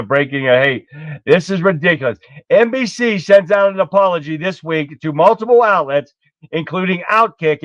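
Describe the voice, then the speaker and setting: A man's voice: high-pitched, a bit bright, no echo. A man hosting a casual political talk show, ranting bluntly with plenty of swearing. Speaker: host. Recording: dull, dry sound.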